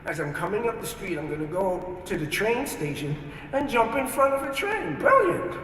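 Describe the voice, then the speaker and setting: Fairly quick and animated, his high, somewhat bright voice tells his life story as an earnest testimony. The New Yorker acts out what he used to say, captured in an archival recording from an echoey hall with a distant mic and a faint hiss or hum.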